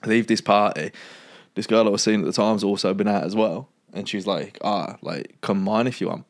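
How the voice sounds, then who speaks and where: A man's voice: on the low side, normal speed. A young man, co-hosting a podcast and telling stories in casual slangy chat. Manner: laid-back slangy storytelling, laughs often. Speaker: podcast co-host.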